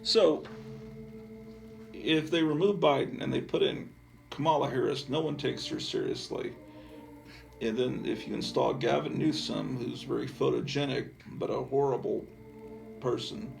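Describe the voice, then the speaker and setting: With a gravelly mid-range voice and a measured pace, this man hosts a show-and-tell of his comic book collection for his channel. He talks casually and drifts off topic, using plenty of fillers, while faint music plays behind him.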